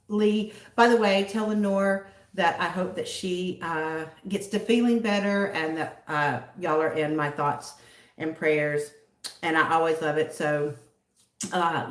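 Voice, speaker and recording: Giggling as she welcomes viewers by name, a livestream host from the American South keeps things casual. Her mid-range voice echoes in the room.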